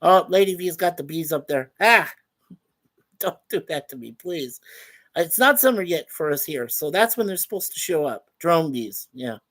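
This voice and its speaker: An older Canadian man hosts a laid-back weekly webcam show from home. He talks loosely and warmly to his viewers, reads out their comments and chuckles often. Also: on the high side, expressive, normal speed. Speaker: host. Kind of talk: casual livestream chat.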